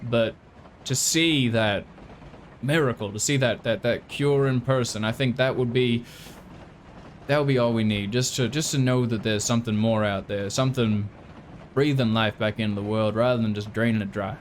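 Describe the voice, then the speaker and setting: A man's voice: mid-range voice, fairly even intonation, normal speed, slight background noise, natural voice. A man voicing a grieving widowed father who is earnest and folksy, talking in a rambling, stammering way. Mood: wistful.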